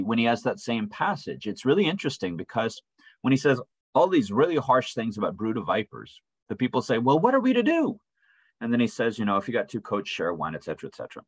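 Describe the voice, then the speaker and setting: A man's voice: fairly low pitch, fairly bright tone, slightly rough, no room sound, rough recording. A man leading a church Bible study in a conversational way, often asking "right?" and acting out quoted voices. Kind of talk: informal Bible study teaching. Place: church room.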